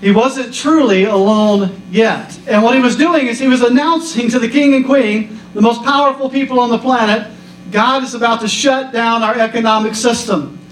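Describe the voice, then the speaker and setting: Relaxed male pastor preaching in a roomy church. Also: extremely high pitch, normal speed, slight background noise. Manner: casual storytelling with a joke. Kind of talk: sermon. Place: church hall. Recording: roomy echo from a distance.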